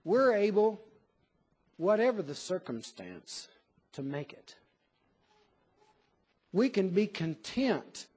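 A man with a notably high-pitched voice preaches with earnest emphasis. He stresses his points and repeats them to drive them home. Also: husky. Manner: earnest, emphatic, reads a poem in a softer lower voice. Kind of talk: sermon.

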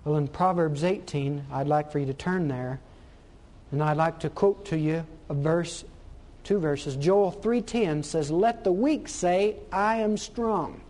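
A man's voice: a little high, a little slow, dark tone. A man preaching a sermon, emphatic, asking rhetorical questions and repeating phrases for stress.

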